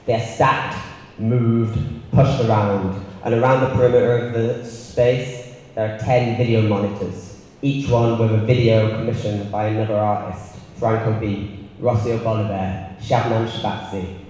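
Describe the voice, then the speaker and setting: A man with a Northern English accent giving an art lecture, measured and reflective, partly reading from a prepared text. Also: fairly low pitch, fairly even intonation, darkish tone, a little hiss or hum. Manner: measured and reflective, with filler ums. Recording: roomy hall with long reverb.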